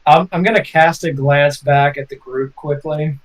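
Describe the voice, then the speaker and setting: A man's voice: fairly high pitch, fairly even intonation, normal speed, low-quality recording. A man playing a tabletop game, thinking aloud in a hesitant, casual way. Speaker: player.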